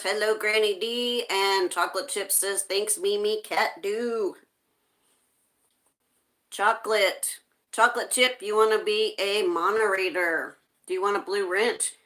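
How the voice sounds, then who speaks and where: Slow-talking woman reading stream chat aloud. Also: medium pitch. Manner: greets viewers warmly and reads chat aloud. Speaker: live streamer. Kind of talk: casual live-stream chat reading comments.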